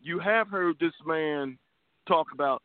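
A man's voice: a little high, a little slow, no echo. Heated, stammering talk-radio man. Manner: stammering repetitions, heated and profane. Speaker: radio show co-host. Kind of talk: casual political talk radio. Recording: tinny phone line.

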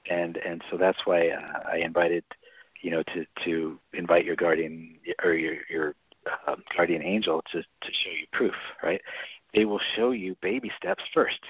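A man's voice: low voice, expressive, normal speed, slightly rough, no echo. A man speaking as a guest author on a radio interview, explaining things chattily and often checking in with "right?". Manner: chatty, frequent "right?" tags and laughs. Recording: tinny phone line on radio.

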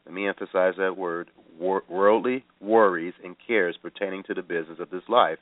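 A man's voice: low voice, level tone, fairly quick, no echo. A man hosting a radio Bible teaching program, talking earnestly and repeating himself with fillers. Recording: tinny phone-line sound.

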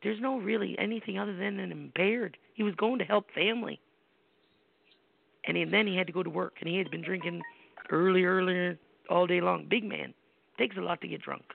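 Hosting a call-in show, a middle-aged psychic medium from the United States speaks with a lowish, brisk voice and vocal fry. The sound is tinny and dry like a phone line, and she tells personal stories in a blunt, emphatic way, salty language and rhetorical questions included.

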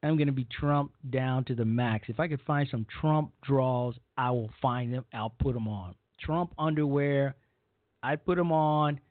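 A man's voice: medium pitch, a little slow, dry recording. A man hosting a talk radio show, giving a blunt, rambling opinion monologue and often repeating himself. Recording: dry, phone-like narrow sound.

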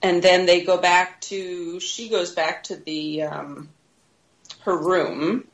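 A woman with a somewhat low voice co-hosts a casual podcast chat. She retells a film's plot scene by scene, often laughing and acting out quoted lines. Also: steady tone, takes it slowly, low-quality recording. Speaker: podcast co-host. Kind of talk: casual movie recap chat.

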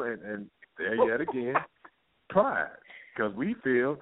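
A man chats as a guest playwright, slipping in and out of the voices of the people in his stories. His pitch sits in the middle for a man. The sound is dry and narrow, like a phone call. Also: slow pace, no echo. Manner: animated storyteller, acting out quoted characters. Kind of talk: casual talk show chat. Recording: tinny phone-line audio.

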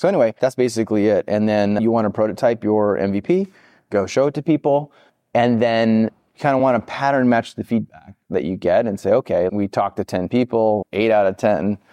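Fast energetic guy explaining stuff on a podcast, low dark voice. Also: no echo. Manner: energetic, acts out quoted people in higher voices. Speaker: podcast guest, product expert. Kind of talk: conversational interview.

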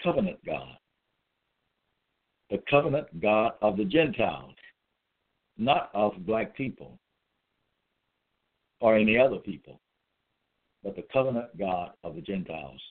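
A self-styled religious teacher preaches a monologue at an unhurried, deliberate pace, his lively pitch swinging widely to stress each point. He's emphatic and repetitive, spells words out letter by letter, and restarts hesitantly with frequent "uh." The thin, tinny sound suggests a phone line.

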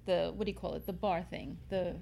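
A woman's voice: on the low side, steady tone, a little fast, vocal fry, mellow. A woman from New City, a bar owner, chatting in a casual interview and telling rambling stories full of "you know" and "like". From New York City. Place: inside an old bar.

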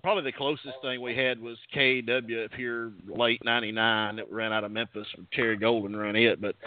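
Radio host, mid-pitched, halting with lots of restarts, tinny phone-line sound, faint hiss. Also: male voice. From Mississippi. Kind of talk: interview questions.

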